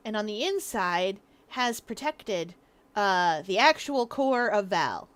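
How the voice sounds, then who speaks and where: Casual livestream chatter comes from a young woman playing a game, who rambles through stories and laughs frequently. She has a mid-range voice that's a bit bright.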